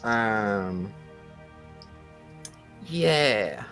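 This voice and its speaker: A man's voice: fairly low pitch, lively intonation, extremely slow, fairly bright tone, faint music behind, heavily acted. A man voicing a dutiful male mine gate guard who is polite, apologetic and worried about his job. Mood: officious. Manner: polite, apologetic, rule-bound.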